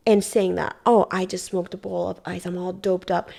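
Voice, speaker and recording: A young woman, a podcast guest, telling a story in casual chat, animated and swearing often, acting out what people said. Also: fairly low pitch, normal speed, gravelly. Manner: animated retelling, heavy swearing, acts out quotes. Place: Hawaii.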